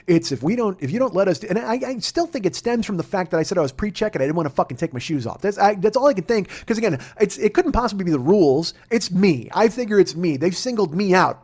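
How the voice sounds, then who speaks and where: A man's voice: a little high, lively intonation, fast talker. Profane, exasperated storytelling man. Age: 40s. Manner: profane, exasperated, swings between muttering and shouting. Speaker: podcast host. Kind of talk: storytelling monologue.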